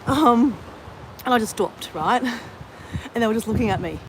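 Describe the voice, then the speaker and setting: A woman's voice: fairly high pitch, lively intonation, normal speed, background noise. An Australian woman chatting to her live viewers, rambling with many fillers and restarts as she exercises. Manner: exercising while talking. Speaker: vlogger. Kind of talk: casual chat to live viewers.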